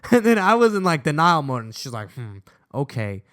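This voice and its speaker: A man's voice: high-pitched, big pitch swings, moderate pace, fairly bright tone, smooth. A young man, a gaming vlogger, telling a personal story in a casual, laughing way with plenty of swearing. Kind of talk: storytelling over gameplay.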